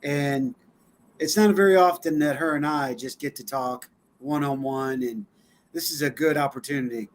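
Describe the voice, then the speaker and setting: A man's voice: on the high side, normal speed, slight background noise. A man co-hosting a live-stream talk show, chatting casually with a loose, laughing, filler-heavy delivery. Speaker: co-host.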